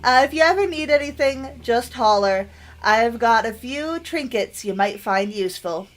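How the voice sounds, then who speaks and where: A woman voicing a jolly old male ship skipper, booming and attempting a rough sailor accent. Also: very animated, slow, a little mellow, exaggerated voice. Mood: hearty.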